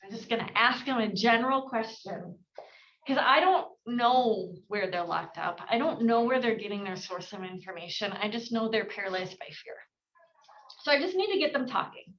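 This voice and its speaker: A woman coaching real estate agents in an energetic team training talk, switching her inflection to act out client dialogue. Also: on the high side, moderate pace, muffled recording.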